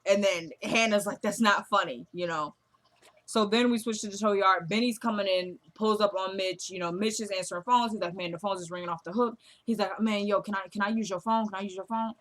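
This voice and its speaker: A woman casually recapping a TV drama episode, retelling scenes as quoted dialogue with a chatty, animated delivery. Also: medium pitch, brisk. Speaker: show recap vlogger.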